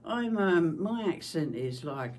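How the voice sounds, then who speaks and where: Husky London-area woman chatting about quilting. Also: on the low side, lively intonation, slow, a little mellow. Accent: London-area English with a slight Scottish tinge. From southeast England. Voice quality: husky, smoker's voice. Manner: chatty, rambling, homely. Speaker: quilting channel host. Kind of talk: casual chat. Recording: distant mic with faint background hiss.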